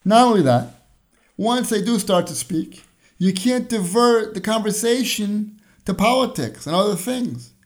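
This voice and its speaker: A podcast host teaches Torah conversationally, explaining through everyday examples, acting out short dialogues and chuckling now and then. His voice is high-pitched and animated, if a little slow.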